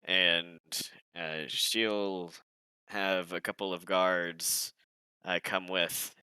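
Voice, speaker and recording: A man running a tabletop game as game master, in a relaxed, rambling way. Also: deep voice, very slow, clean tone, dry recording, low-quality recording.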